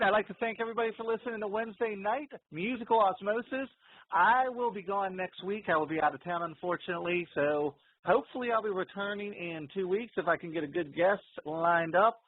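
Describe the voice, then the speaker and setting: A man's voice: sits high, dry recording. A man hosting a radio show in loose, rambling casual chat, broadcasting over a phone. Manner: loose, chatty, rambling with fillers. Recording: tinny dry phone line.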